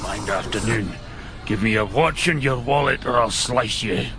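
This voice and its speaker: A man's voice: fairly low pitch, moderate pace, very noisy, pitched above the performer's own voice, lightly acted. An older man voicing a threatening male mugger with a knife, in a radio comedy drama.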